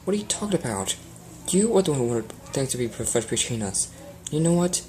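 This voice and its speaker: A woman's voice: extremely low pitch, sing-song, fast talker, darkish tone. A woman reading a fan story and voicing a cold, commanding pony mare who speaks curtly and sternly. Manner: curt and stern.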